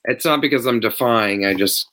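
Very low-voiced, wry woman co-host. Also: moderate pace, fairly bright tone, a little hiss or hum. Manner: wry, playful banter. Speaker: podcast co-host. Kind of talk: casual chat.

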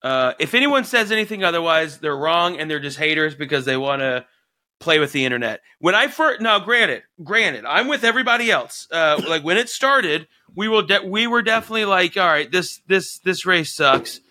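A man co-hosting a casual podcast chat, talking excitedly and swearing freely as he rambles through fillers. His voice sits a bit high and sounds bright and tense. The sound is dry and close. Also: a little fast, dry recording. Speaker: podcast co-host.

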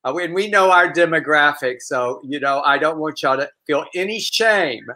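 A man co-hosting a casual comedic talk show, telling stories in a rambling, halting way with frequent laughter. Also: on the high side, pushed and bright. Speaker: co-host.

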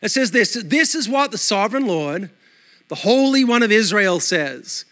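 High, bright-voiced Australian preacher. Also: male voice, moderate pace. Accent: Australian with some American. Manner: lively and conversational, asks the congregation questions. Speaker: pastor. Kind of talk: sermon. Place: church sanctuary.

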